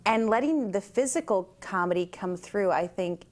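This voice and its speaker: A woman with a mid-range voice tells lively anecdotes in casual conversation. She slips into other people's voices as she recounts what they said. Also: medium pitch, moderate pace. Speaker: actress and guest. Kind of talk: casual chat.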